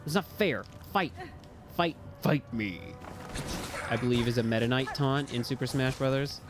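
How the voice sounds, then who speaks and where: A young man with an ordinary mid-range voice talks loosely through a live game session. He drifts from topic to topic and bursts into shouts and curses at the enemies on screen. Game music plays clearly underneath. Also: medium pitch, moderate pace. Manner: excitable, rambling, swears and yells at enemies. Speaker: game streamer. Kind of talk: casual live gameplay commentary.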